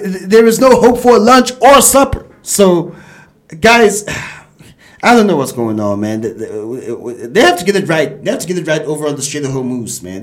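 A man hosting a show, chatting casually about news headlines, often repeating himself and laughing. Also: high voice. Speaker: show host.

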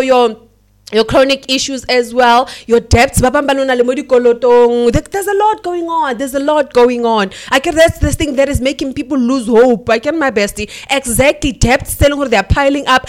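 Encouraging woman radio host. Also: on the high side. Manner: code-switching, repeats catchphrases, encouraging and preachy. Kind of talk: motivational radio talk.

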